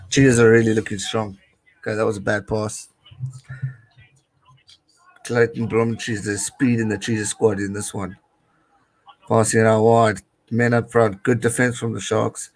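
A man's voice: lowish voice, flat delivery, measured pace, creaky, long pauses, rough recording. Chatty South African man streaming rugby. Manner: chatty, mixes English with Afrikaans phrases. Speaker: live stream host giving rugby commentary. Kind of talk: casual live-stream commentary, reading viewer chat.

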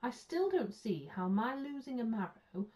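A woman's voice: on the high side, sing-song, moderate pace, warm tone, distant mic, pitched above the performer's own voice. A woman voicing a puzzled, aggrieved middle-aged husband. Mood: baffled. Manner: baffled, aggrieved. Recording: muffled lo-fi sound.

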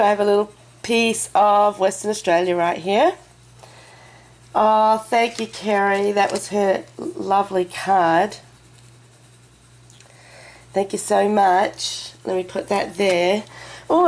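A woman vlogging to camera as she opens a parcel, chatting casually and gushing with excitement. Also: on the low side, slight background noise. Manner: gushing and excitable, breaks into delighted exclamations. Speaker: craft vlogger. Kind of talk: casual unboxing chat to camera. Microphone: camera mic a short way off.

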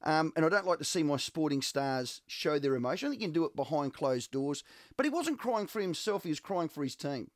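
A high-voiced Australian man hosts sports radio, his pitch leaping up and down as he teases his co-host. The studio sound is close and dry, with no room around him. He talks in quick, lively banter. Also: no echo. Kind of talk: casual radio sports chat.

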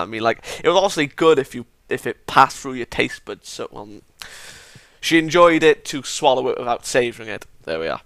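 A man's voice: mid-range voice, sing-song, a little fast, bright, forceful tone, dry recording. A man chatting casually through an anime review, rambling and acting out characters' lines as he retells scenes.

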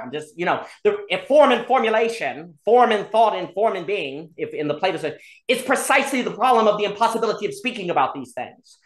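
A discussion host on a video call who thinks aloud, hedges often and builds ideas in quick repetitive loops. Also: medium pitch, a bit bright. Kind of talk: casual philosophical discussion online. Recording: roomy video call audio.

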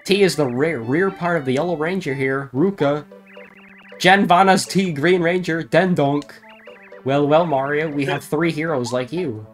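A man on a live stream reading garbled game dialogue aloud in a deadpan comic voice, often breaking into laughter. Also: on the high side, unhurried, faint music behind.

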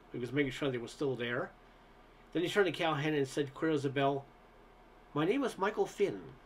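A man reads a short story aloud in a relaxed, unhurried narrating style, now and then tripping over a word. His voice sits fairly high for a man, with a faint hiss of noise underneath. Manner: relaxed storytelling, occasional stumbles. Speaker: story reader. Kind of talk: audiobook narration.

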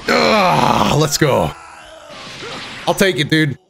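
A man giving live commentary on his own fighting-game matches, excitable, swinging between muttering and shouting, his throat a bit rough. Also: a little high, very slow, soft background music. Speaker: gaming YouTuber.

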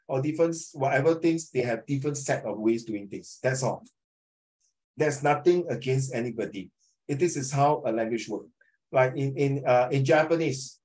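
A man's voice: on the high side, a little mellow. A male teacher lecturing an informal class in a slightly raised voice. His English is broken and colloquial. He keeps tossing questions at the students to make sure they follow. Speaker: language teacher.

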